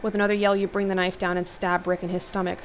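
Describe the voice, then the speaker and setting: A woman host reading an interactive horror novel aloud, steady narration with exclaimed asides. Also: on the low side, fast talker, a little hiss or hum. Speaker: let's play host.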